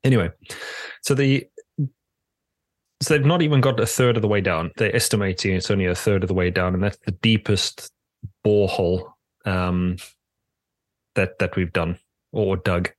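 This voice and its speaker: Hesitant low-voiced podcast co-host. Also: male voice, normal speed, long pauses, no echo. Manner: hesitant, lots of ums and restarts. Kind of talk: casual chat.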